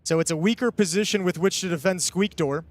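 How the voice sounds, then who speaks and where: A man's voice: sits high, brisk. A man giving conversational color commentary on an esports match, analyzing at length with frequent restarts.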